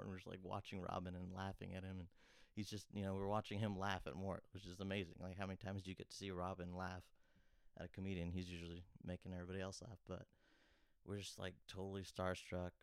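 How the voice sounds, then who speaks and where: A man's voice: deep voice, clear, resonant tone, no room sound. A young man telling a story in a casual, chatty way, full of "you know" and "like.". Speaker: comedian guest telling a story.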